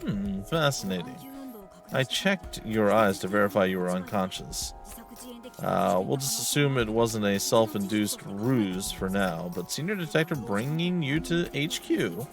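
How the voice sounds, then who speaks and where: A man gives voice to a composed boy detective who reasons everything through in a level, measured tone. He sounds quietly curious and precise, like a video game brainiac. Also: lowish voice, big pitch swings, music in the background. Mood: thoughtful. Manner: measured, analytical. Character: calm analytical boy detective in a wheelchair.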